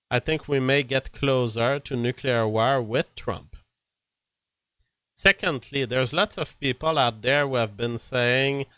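A man's voice: mid-range voice, sharp tone, dry recording. A man, a blunt and profane political commentator, reading posts aloud and giving his opinion on them in casual talk.

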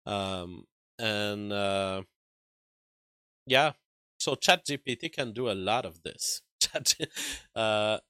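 A French-accented man hosts a livestream of casual commentary, reading the chat and arguing back in loose talk with many fillers and restarts. His fairly low voice is clear, sharp and resonant, and he speaks slowly with frequent pauses, recorded with no room sound.

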